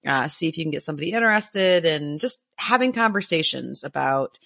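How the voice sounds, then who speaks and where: Bright-voiced enthusiastic woman co-host. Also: low voice, lively intonation, fairly quick, vocal fry. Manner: enthusiastic, laughs easily, explains with some fillers. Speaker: podcast co-host. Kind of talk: casual chat.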